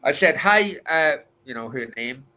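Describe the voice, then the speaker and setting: A man hosts a late-night chat stream with a bright, sharp tone and a slightly high voice. He rambles crudely, swears freely and stumbles through restarts as he answers chat. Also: expressive, moderate pace. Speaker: livestream host answering chat.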